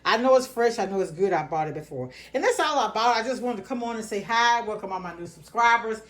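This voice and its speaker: A woman's voice: fairly high pitch, lively intonation, fast. A middle-aged woman walks through her grocery haul. She keeps it casual and chatty and talks straight to her viewers as "y'all", in an easygoing, folksy way. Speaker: vlogger.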